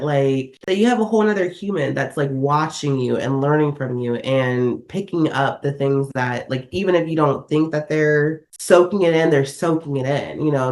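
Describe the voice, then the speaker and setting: A young woman co-hosting a podcast, chatting casually and acting out the people in her stories. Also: low-pitched. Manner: animated storytelling, acts out quotes. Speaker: podcast co-host. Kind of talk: casual chat.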